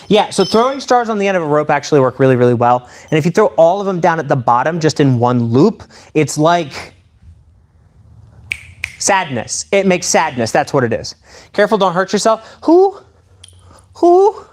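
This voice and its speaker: An excitable man talks straight to his live-stream viewers in a playful, running commentary. His voice sits a little high and swings widely up and down as he reacts. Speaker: live streamer demonstrating weapons.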